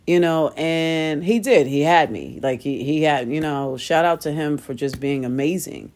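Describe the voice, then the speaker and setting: Her voice sits low and a little mellow, moving at a measured pace. This middle-aged podcast host tells stories on her own in a casual, self-deprecating way, laughing at herself and playing out the voices of people she quotes.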